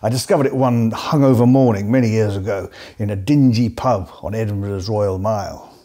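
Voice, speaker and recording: English man, host, scripted comedy narration, mellow tone, dry and sardonic. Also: on the low side, moderate pace. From England.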